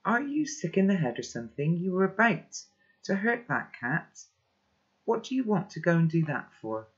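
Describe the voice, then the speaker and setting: An earnest, anxious boy of about twelve who talks urgently and pushes with questions, as a man reading a storybook puts him on. The pitch is lifted above the reader's own, and the sound is dull and lo-fi. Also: very animated, slow pace, a bit bright, heavily acted. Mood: accusing. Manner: urgent, pressing questions, pleading. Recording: dull lo-fi recording.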